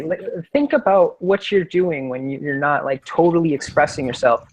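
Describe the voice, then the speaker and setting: A man's voice: a little high, moderate pace, a little hiss or hum, low-quality recording. A man in casual chat, talking earnestly and philosophically. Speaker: guest.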